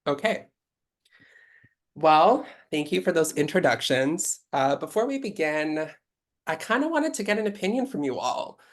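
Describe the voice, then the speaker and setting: Businesslike host, video call, runs through rules quickly. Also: mid-range voice. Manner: brisk, businesslike rule-giving. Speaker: game host. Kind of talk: hosting an online game over video call.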